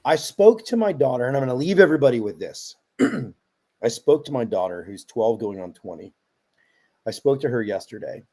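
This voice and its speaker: A middle-aged man, a guest on a podcast, chatting casually and telling animated, rambling stories. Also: mid-range voice, brisk.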